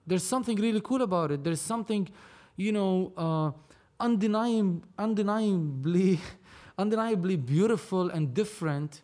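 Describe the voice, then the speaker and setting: A man's voice: high voice, normal speed, hardly any pauses, a little mellow. A man from Lebanon, talking animatedly as a podcast guest, repeating himself as he goes. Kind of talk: casual conversation.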